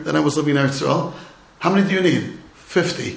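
A man's voice: a little high, quick pace, vocal fry, slight background noise. A middle-aged man teaching a class as a rabbi, telling humorous stories and asking rhetorical questions. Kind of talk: storytelling Torah talk. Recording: echoey room.

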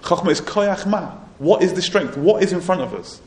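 Here a man with a high, expressive voice teaches Torah at an ordinary speed, earnestly narrating a Midrash as a story and occasionally starting his sentences over. The room echoes noticeably, and a faint ambience lingers.

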